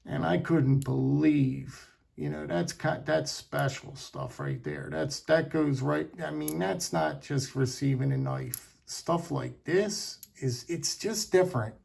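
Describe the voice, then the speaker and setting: Gravelly middle-aged man, rambling fondly. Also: fairly high pitch, darkish tone. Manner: rambling, halting, sentimental. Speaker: knife collector vlogger. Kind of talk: casual storytelling to camera.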